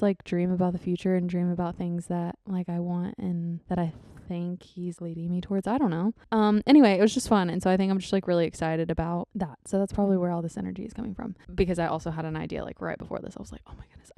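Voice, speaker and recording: A young woman chats through her solo podcast, bubbly and rambling and quick to lose her thread. Her voice sits low and mellow and is recorded close and dry, with no room sound at all. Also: no room sound. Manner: bubbly, rambling, easily sidetracked. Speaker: podcast host. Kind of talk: casual solo podcast chat.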